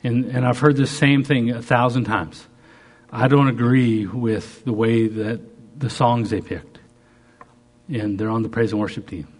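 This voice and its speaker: A man preaching a sermon, telling stories with bursts of excitement and quiet asides. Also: medium pitch, a little slow.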